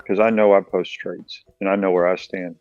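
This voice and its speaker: A man's voice: low-pitched, level tone, normal speed, a little mellow, dry recording, highs cut off. A man in a casual live chat, asking blunt questions. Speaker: participant.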